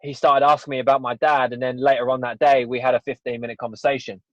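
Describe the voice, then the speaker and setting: A man's voice: mid-range voice, level tone, fast, dry recording. A man, a podcast guest telling a personal story in an earnest, rambling way, with frequent "you know" and "right?". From England. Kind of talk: personal storytelling in a casual interview. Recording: dull, dry podcast audio.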